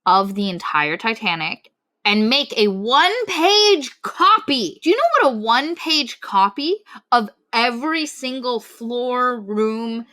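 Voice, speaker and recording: Bright, animated woman podcast co-host. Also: a little high, unhurried. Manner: animated, exasperated critique. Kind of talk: casual book-review chat.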